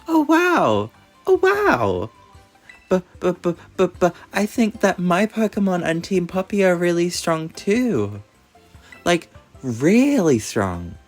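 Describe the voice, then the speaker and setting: A man doing a squeaky tiny girl boasting. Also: sing-song, takes it slowly, faint music behind, exaggerated voice. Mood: excited. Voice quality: strained squeaky falsetto. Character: tiny excitable little girl, proud Elite Four member.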